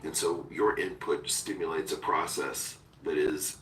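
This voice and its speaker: A man in a philosophical conversation, talking deliberately and searching for words, using technical terms. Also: a bass voice, fairly even intonation, fairly bright tone. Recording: roomy echo from far off with faint noise.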